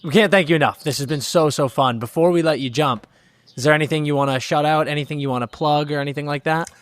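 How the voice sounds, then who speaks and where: Excited man hosting a podcast. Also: a little high, fast, dry recording. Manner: enthusiastic, swears casually. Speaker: podcast host. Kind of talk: casual chat.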